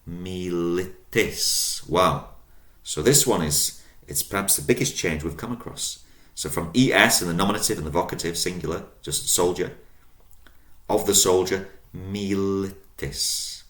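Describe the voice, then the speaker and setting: This online Latin lesson comes from a man with a low, fairly bright voice, recorded with a roomy echo. He patiently spells out word endings and draws out every new word.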